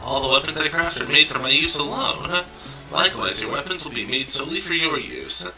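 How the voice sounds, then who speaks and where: A man voicing a stern adult woman weaponsmith and commander from a video game, speaking in a measured, formal way. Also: fairly high pitch, vocal fry, music in the background, rough recording. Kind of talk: reading game dialogue aloud on stream.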